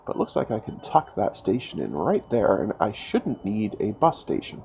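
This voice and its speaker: A man's voice: lowish voice, sing-song, normal speed, vocal fry, warm tone, lo-fi sound, slight background noise. A man with a cold and a stuffed-up voice, chatting casually as he plays a game, thinking aloud and joking at his own expense. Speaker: gaming YouTuber. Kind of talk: casual let's-play commentary.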